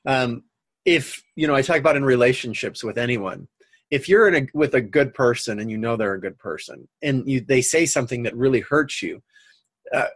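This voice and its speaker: A middle-aged man speaks as a guest coach on a radio talk show, with a husky voice. He talks earnestly and rambles with lots of fillers. The recording is dry and close. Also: medium pitch, animated, fairly quick, no echo. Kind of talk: casual interview chat.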